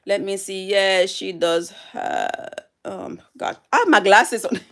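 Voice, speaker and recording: A woman's voice: mid-range voice, takes it slowly, creaky. A woman on a live stream, upset and teary, pleading with and scolding her viewers while reading the chat.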